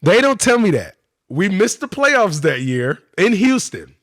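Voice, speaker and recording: A man telling his football career story on a podcast, animated, profane and slangy. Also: sits high, measured pace, no room sound, clean studio sound.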